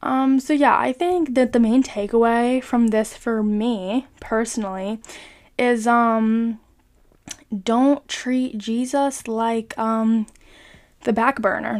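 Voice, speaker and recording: A woman's voice: a little high, fairly even intonation, slow pace. A young woman talking casually and earnestly about her faith, hesitant and full of filler words. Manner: hesitant, full of ums and you-knows; earnest, soft-spoken. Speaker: vlogger sharing a faith reflection. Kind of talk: casual devotional talk.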